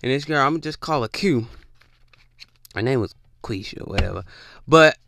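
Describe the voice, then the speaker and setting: Preachy, animated man with a bright, dry voice. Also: medium pitch, moderate pace, creaky, no echo. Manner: preachy and animated, drawls, repeats himself, puts on voices. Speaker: podcast host. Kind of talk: casual spiritual monologue.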